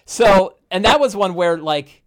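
A man's voice: high-pitched, lively intonation, unhurried. A man hosting a casual podcast conversation, telling game stories animatedly with many restarts. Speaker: podcast host and game master.

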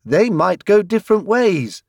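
A man's voice: high-pitched, big pitch swings, unhurried, a little mellow, no room sound, clean studio sound, pitched above the performer's own voice, full character voice. A man voicing Alice, a careful young girl. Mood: cautious. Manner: cautious and grave.

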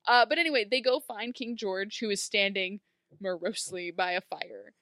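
A woman in casual chat, recapping a TV episode with sarcastic, animated commentary and plenty of filler words. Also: mid-range voice, normal speed, no echo, clean studio sound. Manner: animated, sarcastic, lots of "like" fillers, acts out quotes. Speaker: podcast co-host recapping a TV episode.

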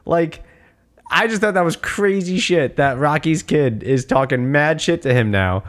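A man's voice: a little high, animated, a little slow, fairly bright tone. A man co-hosting a casual movie talk, swearing freely and acting out characters' lines in exaggerated voices.

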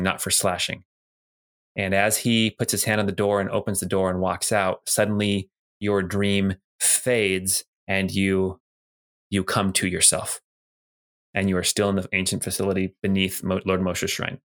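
A man narrating as game master of a tabletop role-playing game, relaxed, with frequent ums and restarts. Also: low-pitched.

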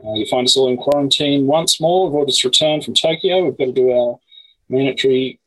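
A man hosting a music podcast episode, chatting in a relaxed way with some fillers. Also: medium pitch, brisk, poor audio. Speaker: podcast host. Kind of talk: casual music chat.

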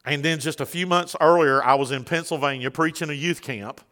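Bright-voiced folksy preacher, middle-aged man. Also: a little high, a little fast. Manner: folksy, joking asides to the congregation; builds to loud preaching. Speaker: pastor. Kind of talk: sermon.

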